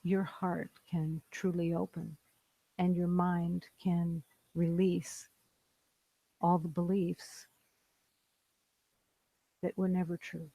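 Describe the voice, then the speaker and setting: Slow flat-voiced spiritual teacher, calm repeating lines, dry close sound. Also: mid-range voice, gravelly, no room sound, rough recording. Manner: calm, repetitive, declarative phrasing. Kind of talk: slow meditative spiritual talk.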